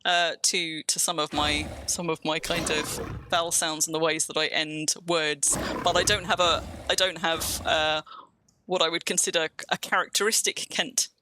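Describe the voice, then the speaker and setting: A woman with a low voice and level tone chats casually over a noisy background while live-streaming a game. She's from England, with a near-standard accent carrying a slight Kentish twang, and she rambles along, quick to laugh at herself.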